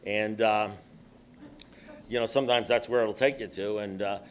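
An older man giving a recovery talk to a group, blunt and profane, with rapid-fire repetition and conversational asides. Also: on the low side, steady tone. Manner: punchy repetition with mimicked voices. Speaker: speaker at a recovery meeting.

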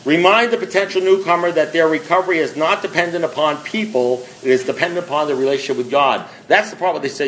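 A man's voice: on the high side, fast talker, few pauses, a bit bright, slight background noise. A man speaking at a recovery meeting, telling his story with wry, self-mocking humor and emphatic, repeated build-ups. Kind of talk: storytelling talk.

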